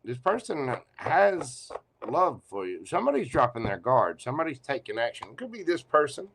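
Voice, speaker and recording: A man's voice: medium pitch, sing-song, normal speed, few pauses, a bit bright, a little hiss or hum. A man giving a live tarot reading, teasing and playful as he talks straight to the listener. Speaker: tarot reader.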